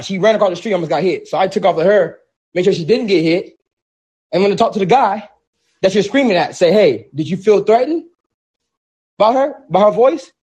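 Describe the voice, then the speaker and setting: A man with a high, husky voice recounts events in a heated, casual way. His speech is emphatic and repetitive, slangy and full of restarts. It sounds like an animated conversation. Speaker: protest organizer. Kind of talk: heated personal storytelling in a discussion.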